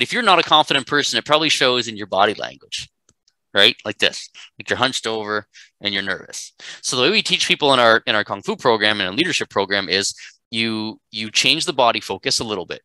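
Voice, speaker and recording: A man's voice: mid-range voice, sharp tone, no room sound, poor audio. A man teaching a live class, emphatic and conversational, often checking in with "right?". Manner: emphatic, keeps asking "right?". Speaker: instructor.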